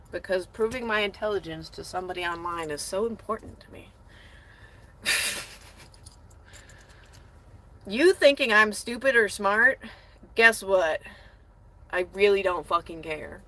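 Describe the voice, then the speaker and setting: A woman's voice: mid-range voice, expressive, a little slow, long pauses, pushed and bright. A young woman from the United States chatting sarcastically to her livestream chat and cooing at her dog, filmed on a phone inside her van. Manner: sarcastic, talks back to chat.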